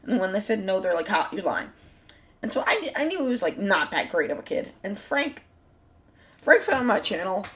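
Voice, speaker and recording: Woman telling a storytime on her channel, mid pitch, rambly, says like a lot, swears now and then. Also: sing-song, fairly quick, a bit bright. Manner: rambling, heavy use of "like" fillers; casual swearing. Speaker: channel host. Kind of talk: casual storytime narration.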